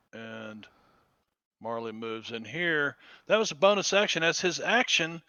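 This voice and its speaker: A man's voice: mid-range voice, sharp tone, smooth, dry recording. A man playing a tabletop game, describing his character's moves casually with plenty of hesitations. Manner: casual, hesitant, lots of fillers. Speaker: player.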